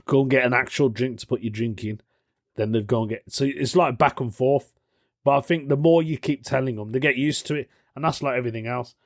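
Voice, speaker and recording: A man's voice: medium pitch, brisk, dry recording, clean studio sound. A man hosting a podcast in a casual chat, jokey and rambling, laughing often at his own asides. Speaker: podcast host.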